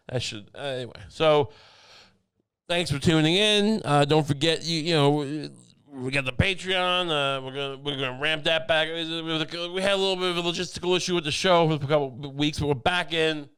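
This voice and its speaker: A man's voice: fairly high pitch, fairly bright tone, clear, resonant tone. A young man hosting a podcast, rambling through a mock-conspiratorial comedy monologue with lots of restarts. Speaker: podcast host.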